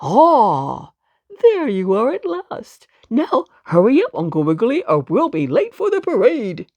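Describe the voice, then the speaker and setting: A kind, polite old circus dog turned soldier calls out heartily , as a woman reads him aloud. His words come slow and a little gravelly, and the dry close sound keeps him intimate, like a bedtime storybook. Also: medium pitch, huge pitch swings, a little mellow, no room sound, heavily acted. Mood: hearty.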